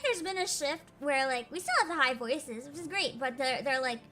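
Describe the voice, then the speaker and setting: A woman's voice: sits high, lively intonation, normal speed, hardly any pauses, heavy background noise. A young woman streamer chatting casually and animatedly while playing a game, laughing often. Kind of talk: casual livestream commentary.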